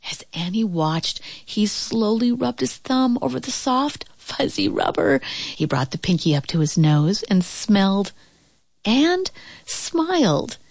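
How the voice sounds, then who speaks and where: A woman reading a children's storybook aloud in an expressive voice that rises and falls with the action. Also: medium pitch, slow pace, gravelly, no echo. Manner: expressive, rising and falling with the action.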